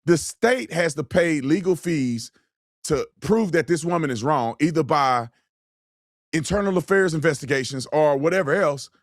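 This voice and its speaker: A man's voice: on the high side, lively intonation, moderate pace, dry recording. Male host, blunt colloquial commentary, dry close-miked sound. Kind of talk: political commentary with ad read.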